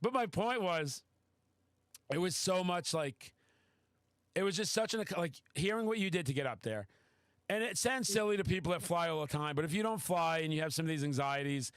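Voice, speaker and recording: A man with a high voice tells a story on a podcast, excitable and quick to swear. The sound is dry and close to the mic. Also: clean tone, no room sound. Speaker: podcast host. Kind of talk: casual podcast chat.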